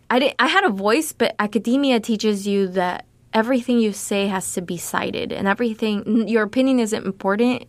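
A woman's voice: mid-range voice, dry recording. Woman from Nicaragua telling her story. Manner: casual, frequent fillers, laughs between thoughts. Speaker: guest writer. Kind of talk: personal storytelling in an interview.

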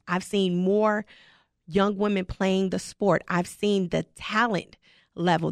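A woman football coach speaks with fiery conviction, her voice carrying a gravelly rasp. The sound is dry and close. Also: fairly low pitch, no room sound. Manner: passionate, emphatic. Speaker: high school football head coach. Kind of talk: casual interview talk.

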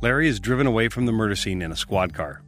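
A man with a fairly low voice narrates a true-crime podcast in a measured, matter-of-fact tone. Faint music plays softly beneath his narration. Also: lively intonation. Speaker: podcast host and reporter. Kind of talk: scripted narration and interviewing.

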